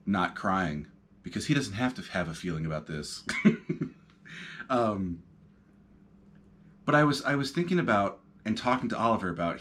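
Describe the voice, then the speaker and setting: Casually thinking aloud on his podcast, a man in his thirties rambles from his couch at home, leaning heavily on ums and uhs. The voice is low-pitched with a fairly bright tone.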